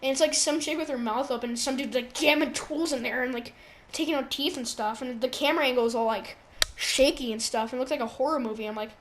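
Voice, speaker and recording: A teenage girl hosts a casual podcast, rambling and stacking up fillers. Her voice sits high, with a light hiss of room noise behind it. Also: fast. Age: teens. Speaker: podcast host. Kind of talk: casual chat.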